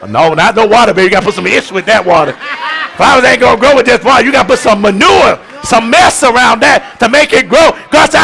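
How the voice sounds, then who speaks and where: Gravelly, fiery preacher man. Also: very high-pitched. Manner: shouting, rhythmic preaching with colloquial asides. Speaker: bishop preaching. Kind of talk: sermon.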